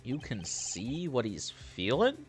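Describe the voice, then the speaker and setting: A man's voice: medium pitch, wildly swooping pitch, slow, soft background music. A man voicing a flustered young male defense lawyer, anxious and protesting, while reading game dialogue.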